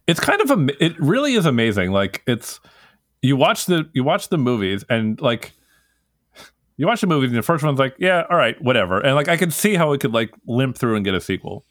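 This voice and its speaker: A man's voice: medium pitch, sing-song, a little fast, dry recording. Dry-humored man on a movie podcast. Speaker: podcast co-host. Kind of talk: casual movie podcast chat.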